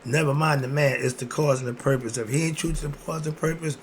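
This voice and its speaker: A man giving an emphatic, preachy commentary monologue, firing off rhetorical questions and breaking into sudden loud bursts. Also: a little high, fairly even intonation, fast talker, slight background noise.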